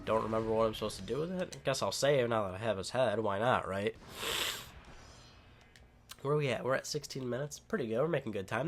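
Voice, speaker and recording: A man's voice: fairly low pitch, lively intonation, fairly quick, faint music behind. A man doing casual gameplay commentary at home, rambling with many fillers and swearing freely as he tells a story. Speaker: gaming commentator.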